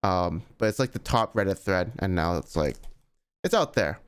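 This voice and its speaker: Smooth-voiced man giving blunt casual commentary. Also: low-pitched, lively intonation, normal speed. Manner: blunt, exasperated, peppered with "like". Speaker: YouTube gaming commentator.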